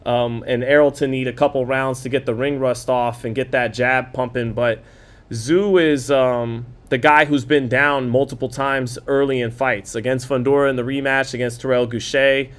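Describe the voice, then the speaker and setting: On a live boxing watch-party stream, the host talks casually, reads viewers' comments aloud, and rattles off quick punch-by-punch play-by-play. He speaks at a medium pitch with a steady tone.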